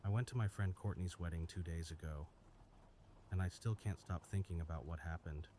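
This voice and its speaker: A man reading scripted first-person horror stories in a steady, measured way. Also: low-pitched, a little hiss or hum. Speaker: story narrator. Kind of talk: scripted horror story narration.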